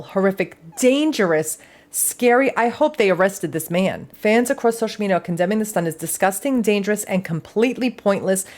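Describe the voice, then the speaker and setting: A young woman hosts a gaming news show in a casual, chatty way. She is sassy and theatrical and swears without a second thought. Her voice sits at a middling pitch for a woman. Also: darkish tone. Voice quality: sassy, dramatic, swears freely. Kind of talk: casual commentary.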